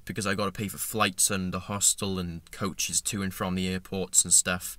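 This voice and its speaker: Emotional young man, fast and bright. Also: sits low, fairly even intonation, no room sound. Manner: breathless, stumbling, emotional. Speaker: vlogger. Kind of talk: impulsive excited vlog.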